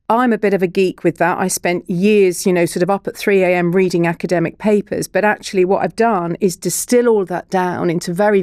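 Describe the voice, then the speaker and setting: This middle-aged woman, a broadcaster and child therapist, is interviewed on a podcast and explains topics earnestly from a scientific angle. Her medium-pitched voice has a darkish tone, recorded at studio quality without echo.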